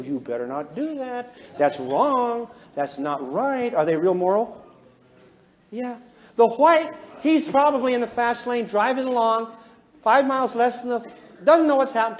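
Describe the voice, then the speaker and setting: A man counseling and teaching a live class in a joking, animated way, often asking the audience questions. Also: very high-pitched. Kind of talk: humorous lecture to a live class.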